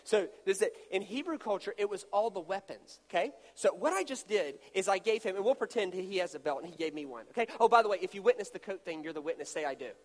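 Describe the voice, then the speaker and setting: This high-voiced man speaks quickly with hardly any pauses as he delivers a sermon. Joking with volunteers, he acts out a demonstration in an animated, humorous way. The hall's long reverb is clearly audible.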